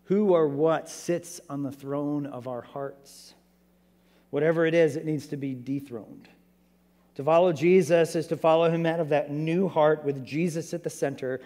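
Animated pastor preaching. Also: male voice, on the high side, normal speed, in a large hall. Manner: animated, conversational preaching with rhetorical questions. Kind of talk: sermon.

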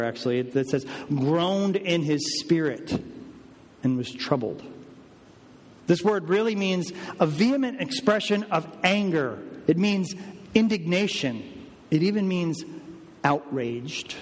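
A man preaching a sermon with emphatic delivery, rising for stress and dropping low for weight. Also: measured pace, long reverb tail. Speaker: pastor.

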